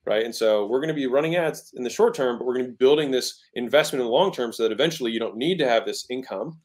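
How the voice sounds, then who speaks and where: A man's voice: medium pitch, fast talker. A man as a guest in a casual interview, teaching sales, emphatic and always checking in with "right?". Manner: acts out tones of voice to make points. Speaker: guest entrepreneur.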